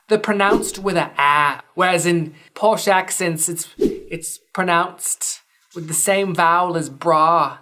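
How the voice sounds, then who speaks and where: A woman's voice: on the low side, takes it slowly, a bit bright. A woman podcast host giving a scripted explainer lesson, with dry, wry asides between points.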